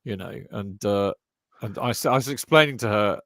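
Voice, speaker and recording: Chatty bright-voiced male podcast host. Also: lowish voice, moderate pace, no room sound, clean studio sound. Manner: chatty, rambling with many fillers and restarts. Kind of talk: casual chat.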